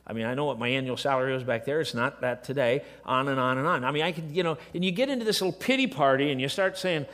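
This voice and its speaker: A middle-aged man with a medium-pitched voice delivers a sermon, swinging between quiet, hushed passages and emotional, impassioned outbursts.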